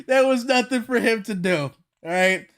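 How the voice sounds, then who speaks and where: A woman livestreaming a reaction to a manga chapter, talking straight to her chat in an excitable, hyped-up way that can tip into frantic shouting. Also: fairly high pitch.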